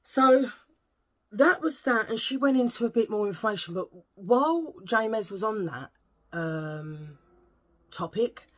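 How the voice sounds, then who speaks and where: A woman's voice: fairly high pitch, lively intonation, measured pace. A middle-aged woman, telling a rambling story in a casual vlog chat and searching for words as she goes. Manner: rambling, chatty, searches for words, eats while talking. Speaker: vlogger.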